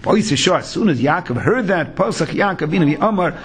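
A man's voice: a little high, animated, fast talker, hardly any pauses. A man teaching Talmud as a rabbi, chanting the text in a sing-song and weaving in Hebrew and Yiddish terms. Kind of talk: Talmud lesson in Yeshivish English.

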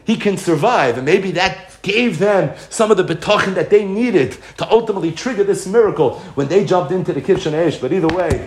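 A man giving a Torah lecture, telling it with animated storytelling and frequent chuckles. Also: high-pitched. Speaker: Torah teacher. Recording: echoey room.

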